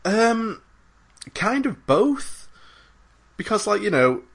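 High-pitched and sing-song, this man's voice is slow, gravelly and slightly rough. He co-hosts a gaming podcast, casually chatting about games with plenty of fillers, rambling and restarts.

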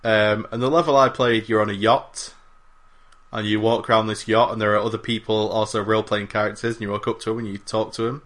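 A man's voice: lowish voice, flat delivery, brisk, a bit bright. A man co-hosting a podcast in casual chat, rambling and self-mocking with plenty of swearing. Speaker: podcast co-host.

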